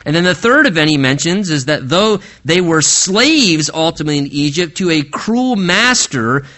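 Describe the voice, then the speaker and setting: A male pastor preaching a sermon, explaining scripture verse by verse and slowing down earnestly to stress key phrases. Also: a little high, lively intonation, bright, forceful tone.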